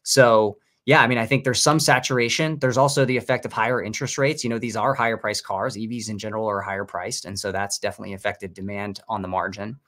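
A man co-hosting a money show, giving measured, analytical market commentary with frequent "you know" hedges. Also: on the low side, fairly even intonation, a bit bright. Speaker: co-host.

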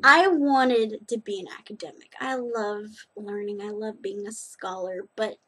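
A woman's voice: medium pitch, measured pace, a bit bright. A young woman vlogging in a rambling, chatty way, full of restarts and asides. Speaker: knitting and nails vlogger. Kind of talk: casual chat.

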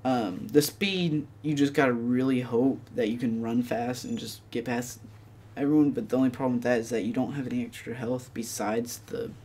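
A man giving casual commentary over his own multiplayer gameplay, rambling with many fillers and breaking into excited bursts. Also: mid-range voice, normal speed, slightly rough. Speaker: gaming channel host.

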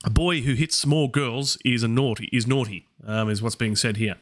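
A man with a medium-pitched, steady voice speaks at a moderate pace. He's a Latin learner hosting a live study stream, puzzling over translations aloud and questioning himself as he goes.

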